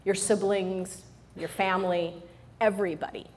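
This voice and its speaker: A woman's voice: medium pitch, level tone, normal speed, darkish tone. Playful, joking middle-aged woman speaker. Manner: playful and joking, with frequent "right?" asides to the audience. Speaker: motivational speaker. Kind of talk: humorous motivational talk to a live audience.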